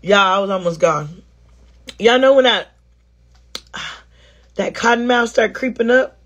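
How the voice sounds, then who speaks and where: A woman's voice: mid-range voice, lively intonation, measured pace, a bit bright. A woman vlogger chatting casually and expressively straight to her viewers. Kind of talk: casual vlog chat to viewers.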